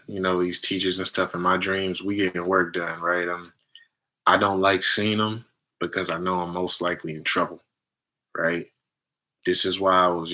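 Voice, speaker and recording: Guy with talking spirituality to his viewers, lowish bright voice, keeps saying right? and family. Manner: animated, preachy, repeats "right?" and "family". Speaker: livestream host talking to his community. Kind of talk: casual spiritual talk.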